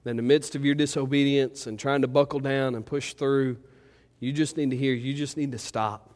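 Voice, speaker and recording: A man's voice: steady tone, normal speed. Preaching man in a reverberant hall. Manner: swings between loud urgent pleas and quiet low reflection. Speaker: pastor. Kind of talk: sermon. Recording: church hall with long reverb.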